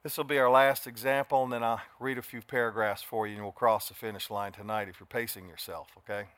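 An older man preaching a dramatic sermon, swinging from quiet asides to sudden shouts. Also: fairly low pitch, flat delivery, quick pace, no room sound. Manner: dramatic, shifts from soft to shouting. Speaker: pastor.

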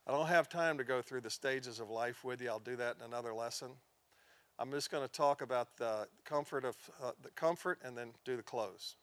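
A man's voice: medium pitch, fairly quick, fairly bright tone, no room sound. Earnest male pastor telling stories. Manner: earnest storytelling, drops to near-whispers in sad moments, rises in emphasis. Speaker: pastor teaching a class. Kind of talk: sermon-style teaching.

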